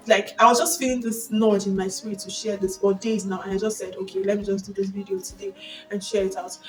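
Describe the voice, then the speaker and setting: Expressive Nigerian woman sharing a testimony. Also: mid-range voice, far from the mic, low-quality recording. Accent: Nigerian English. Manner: expressive storytelling, bursts of excited exclamation. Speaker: vlogger sharing a faith testimony. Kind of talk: casual personal testimony. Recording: mic set back with faint background music.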